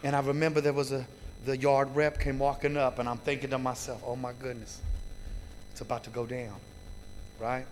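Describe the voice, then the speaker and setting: A man's voice: mid-range voice, long reverb tail, a little hiss or hum. A man telling a heartfelt personal recovery story to a live group, swearing freely and often turning to the crowd with "you guys". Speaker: recovery meeting speaker.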